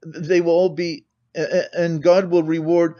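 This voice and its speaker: Guy reading a timid young woman, soft broken-off talk, muffled audiobook sound. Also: a little high, level tone, a little slow, close to an everyday voice. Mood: flustered. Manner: soft, faltering, broken-off phrases.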